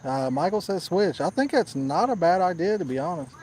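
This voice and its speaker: A man's voice: high-pitched, lively intonation, brisk, darkish tone, slight background noise, rough recording. Joking man reading out stream comments. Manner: reads viewer comments aloud, teasing and jokey. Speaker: fishing channel host. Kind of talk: casual live-stream chat. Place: outdoors at a pond at night.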